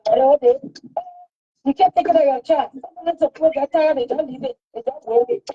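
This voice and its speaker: A woman's voice: sits high, big pitch swings, brisk. A woman, talking emphatically and repeating herself in heated casual talk. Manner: emphatic, repetitive. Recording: dull lo-fi recording.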